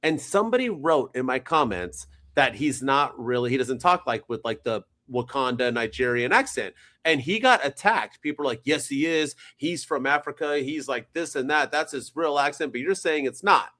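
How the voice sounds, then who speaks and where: A man co-hosting a podcast, chatting casually in an animated, rambling, jokey way. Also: mid-range voice, normal speed, few pauses. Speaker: podcast co-host. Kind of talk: casual chat.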